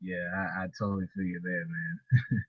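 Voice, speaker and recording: A man chatting as a podcast guest, agreeable and animated. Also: sits low, moderate pace, husky, no echo. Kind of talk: casual chat. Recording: dull, dry lo-fi audio.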